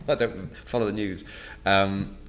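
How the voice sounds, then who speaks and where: A man's voice: fairly low pitch, sing-song, slow pace, a bit bright. A man hosting an online wine tasting, chatting casually and laughing often at his own jokes.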